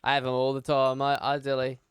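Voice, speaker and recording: A man streamer chatting while gaming, teasing with wry, deadpan humor. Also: medium pitch, brisk, clear, resonant tone. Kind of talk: casual chat while gaming.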